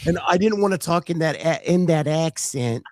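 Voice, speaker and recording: A man co-hosting a podcast in casual chat, with a smooth voice, telling stories and quoting movie lines. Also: on the high side, expressive, normal speed, a little mellow, dry recording, clean studio sound. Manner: chatty storyteller, quotes movie lines. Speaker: podcast co-host.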